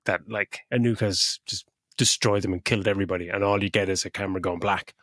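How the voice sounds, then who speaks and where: A man's voice: sits low, fairly even intonation, quick pace, fairly bright tone, dry recording, clean studio sound. A middle-aged man co-hosting a podcast, laid-back and swearing freely while retelling film scenes. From Ireland. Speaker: podcast co-host. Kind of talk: casual film review chat.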